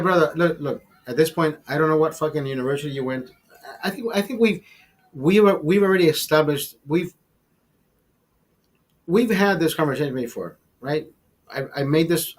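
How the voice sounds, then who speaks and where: A man hosting a casual podcast, telling a long profane story in a rambling, animated way. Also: a little high. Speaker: podcast host.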